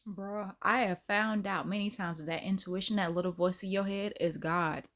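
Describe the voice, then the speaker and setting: A woman's voice: medium pitch, steady tone, normal speed, a bit bright. A woman hosting a reaction video, chatting in a playful, slangy way and laughing often. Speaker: host reacting to clips. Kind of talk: casual reaction commentary.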